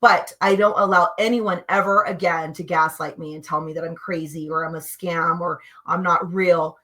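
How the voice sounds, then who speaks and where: Bright-voiced woman telling animated stories. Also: on the low side, moderate pace. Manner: animated, emphatic, acts out quotes. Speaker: podcast guest. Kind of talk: casual spiritual storytelling.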